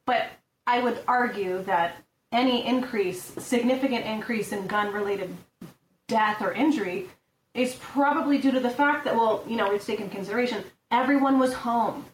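A woman's voice: a little high, moderate pace, a little hiss or hum. Chatty woman guest on a roomy distant mic. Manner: chatty, reads out figures, wry asides. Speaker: podcast guest. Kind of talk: casual discussion.

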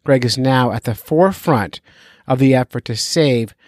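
A man's voice: medium pitch, normal speed, a little mellow, no room sound, clean studio sound. A man hosting a fishing podcast, talking in a goofy, self-mocking, chatty way. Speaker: podcast host. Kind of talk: casual podcast intro.

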